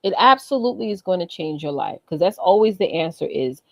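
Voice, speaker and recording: A woman's voice: fairly low pitch, expressive, brisk, dry recording. A woman co-hosting a casual business talk show, upbeat and chatty, laughing easily and talking with fillers. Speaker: co-host.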